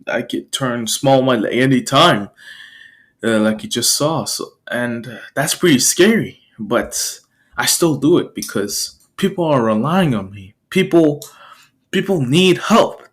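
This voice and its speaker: A man's voice: mid-range voice, lively intonation, a little slow. Big, hearty number-one hero giving fatherly advice, as a man puts him on in a fan story. The delivery is reassuring and chuckly, mostly in a mid-range man's voice close to the narrator's own. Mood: earnest. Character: top male superhero, big, hearty, mentoring.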